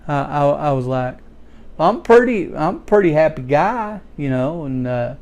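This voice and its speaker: A man's voice: fairly high pitch, animated, unhurried, a little mellow. A man, playing a folksy redneck working man in a rambling comedic monologue, stammering as he tells his story.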